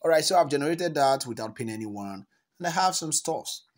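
A man's voice: on the high side, lively intonation, brisk. A man hosting a screen-recorded app tutorial, chatty and encouraging, often repeating words as he walks through each step. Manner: encouraging, gives life advice. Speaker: tutorial host.

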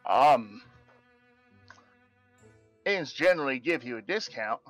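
A man's voice: mid-range voice, animated, takes it slowly, fairly bright tone, faint music behind. A man voicing a cheerful, earnest adventuring band recruiter, breaking into giggles, as improvised game character voicing. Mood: upbeat.

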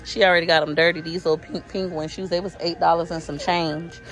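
Faint music plays behind this casual shopping vlog, where a woman films herself in a store and chats directly to her viewers on a handheld phone. Her voice is on the low side with little pitch movement, and she talks fast in an easygoing way.

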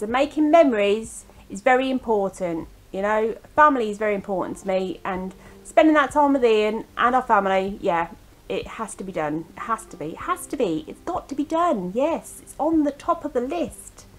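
A woman's voice: a little high, lively intonation, normal speed, rough recording. A woman in her forties chatting casually to camera as a vlogger, giggly and self-mocking. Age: 40s.

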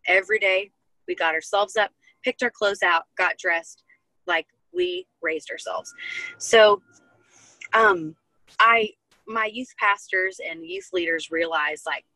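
Bright-voiced young woman sharing testimony. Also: medium pitch, lively intonation, takes it slowly, dry recording, poor audio. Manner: earnest, heartfelt storytelling with many fillers. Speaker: guest. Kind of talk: personal testimony in casual chat.

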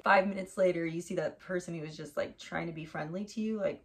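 American woman, thirties, casual vlog storytelling, gravelly fry in the voice. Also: fairly low pitch, fairly even intonation, quick pace, hardly any pauses. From United States. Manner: chatty storytelling, lots of "like". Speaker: vlogger. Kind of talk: casual travel vlog chat.

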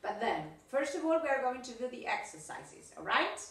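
Bright-voiced teacher in an echoey room. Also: female voice, high-pitched, sing-song, moderate pace. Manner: talks through exercises with frequent "yes, okay?" checks. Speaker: English teacher. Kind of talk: recorded video lesson. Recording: echoey room, far from mic.

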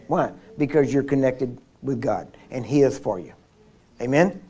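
A man with a husky, medium-pitched voice preaches at a healing seminar at a normal pace. His sermon is built on personal stories told animatedly, with frequent laughter and restarts.

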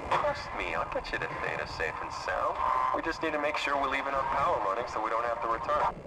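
An actor playing a calm male worker giving matter-of-fact updates over a radio. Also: medium pitch, fast talker, far from the mic, very noisy.

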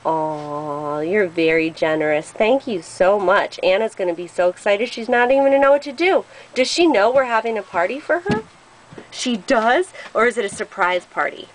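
A woman's voice: mid-range voice, expressive, normal speed, a little hiss or hum, poor audio. A woman filming a home video and chatting with a small child, playful and full of exaggerated reactions. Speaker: parent filming a toddler.

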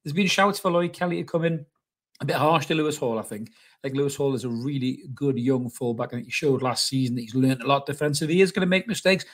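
Fast-talking football fan host. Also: male voice, mid-range voice. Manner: blunt, opinionated, swears about rivals. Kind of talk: casual match preview talk.

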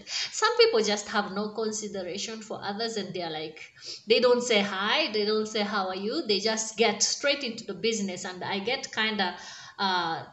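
A woman's voice: mid-range voice, a bit bright. Earnest Kenyan woman in an echoey room. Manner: earnest, encouraging, with frequent fillers and restarts. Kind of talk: casual talk to camera. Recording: roomy echo.

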